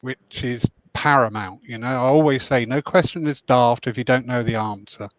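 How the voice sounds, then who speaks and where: Man, host, measured and reflective, mid-pitched voice, dry close recording. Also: no echo, rough recording. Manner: measured, thoughtful, hesitant fillers. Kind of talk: hosted discussion, reading questions.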